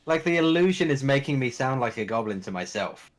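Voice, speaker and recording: A man's voice: mid-range voice, animated, fairly quick, voice pushed down, close to an everyday voice. A man voicing a panicked, short male goblin in a thick goblin accent during a tabletop game. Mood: bewildered.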